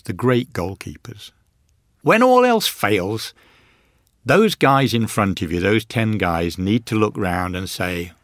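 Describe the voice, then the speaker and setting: A man's voice: on the low side, dry recording, studio quality. A man speaking emphatically in an interview about greatness in sport. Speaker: interviewee on goalkeeping.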